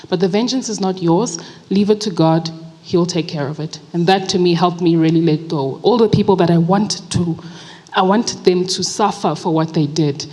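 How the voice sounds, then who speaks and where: A woman's voice: lowish voice, animated, measured pace, a little mellow. A woman author answers an audience question in earnest, reflective, preacherly tones. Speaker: author and guest speaker. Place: large event hall at a book fair. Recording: hall with long reverb.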